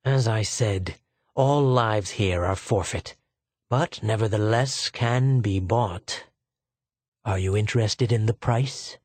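A cruel male official with a sneer in every word, as a man reads him. The voice sits low and moves at a slow, unhurried crawl, dry and close to the mic. He mocks and threatens with cold deliberation. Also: darkish tone, dry recording. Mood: mocking. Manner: contemptuous, mocking, deliberate.

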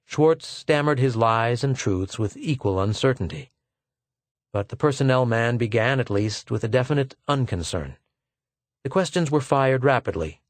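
Measured male audiobook narrator. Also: medium pitch, lively intonation, dry recording. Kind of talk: scripted narration.

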